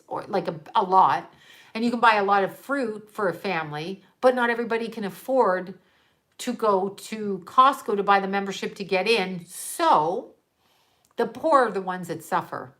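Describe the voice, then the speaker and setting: A woman's voice: medium pitch, a bit bright. Rambling, ranty woman from Canada. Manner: ranting, digressive, chats with viewers. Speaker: livestream host. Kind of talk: casual rambling chat.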